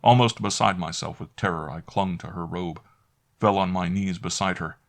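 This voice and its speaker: A man narrating a classic horror story in first person, measured and dramatic. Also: deep voice, fairly bright tone.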